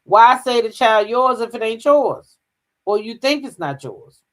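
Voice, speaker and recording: Her voice sits a little high and sounds animated. Hosting a gossip channel, she talks in a casual, chatty way, reading news aloud and stretching out humming fillers as she comments.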